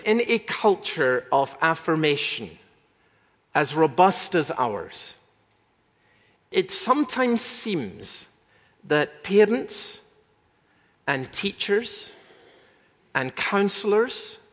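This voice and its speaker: A man's voice: sits high, fairly bright tone, long reverb tail. A middle-aged man preaching an earnest, emphatic radio sermon as pastor.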